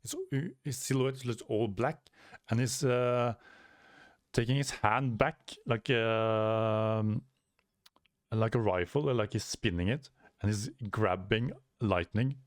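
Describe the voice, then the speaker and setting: A man's voice: fairly low pitch, takes it slowly, dry recording, clean studio sound. Rambling man giving casual reaction commentary. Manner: rambling, stumbles over words, many fillers. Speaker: manga reaction youtuber.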